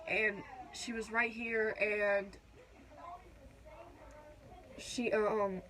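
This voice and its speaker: A teenage girl vlogging a casual storytime at home, chatty and full of "like", acting out quotes in a higher voice. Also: level tone, extremely slow, a bit bright, a little hiss or hum, rough recording. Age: teens. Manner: chatty, says "like" a lot, acts out quotes in a higher voice.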